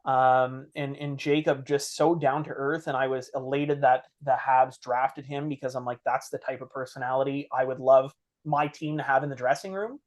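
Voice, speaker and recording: A man's voice: medium pitch, normal speed. A man hosting a podcast, telling stories in casual chat and acting out the quotes. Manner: animated storyteller, acts out quotes. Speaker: podcast host.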